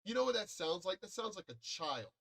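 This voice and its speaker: A man's voice: high-pitched, big pitch swings, a little fast, fairly bright tone. Profane ranting American man. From United States. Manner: profane, combative and boastful. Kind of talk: ranting monologue.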